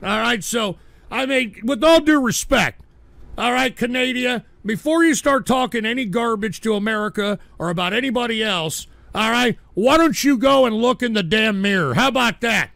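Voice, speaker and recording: A high, gravelly man rants as the host of a live radio stream. His voice is bright and cutting, and it goes off into abrasive shouts. The sound is dry and close. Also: expressive, moderate pace, no room sound. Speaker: livestream radio show host. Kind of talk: profane on-air rant reading chat.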